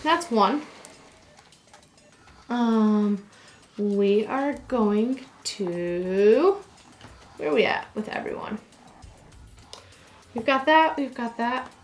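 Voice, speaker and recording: A woman's voice: fairly high pitch, lively intonation, drawn-out words, pauses often, a little hiss or hum. Woman board gamer, casual, talks rules through as she counts moves, roomy room echo. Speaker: board game player. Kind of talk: casual tabletop gameplay talk.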